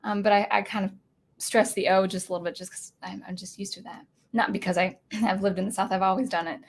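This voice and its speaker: A woman's voice: medium pitch, fairly even intonation, quick pace. A young woman from Washington state hosting a casual livestream, chatting in a rambling way with many fillers and restarts. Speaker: livestream host.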